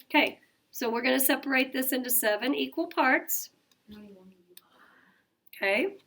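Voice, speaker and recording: High-pitched lady teacher running a math class, quick, keeps asking the kids questions. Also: bright, forceful tone. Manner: brisk, coaxing questions to the class. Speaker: elementary school teacher.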